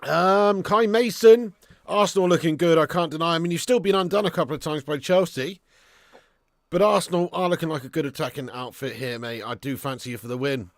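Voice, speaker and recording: A man hosts a live stream in a gravelly, slightly high voice, bantering loosely with his viewers. He reads out their comments and swears freely as he chats. The sound is close and dry. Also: brisk, dry recording. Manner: chatty banter reading out viewer comments, swears and laughs often. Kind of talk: casual live watch-along chat.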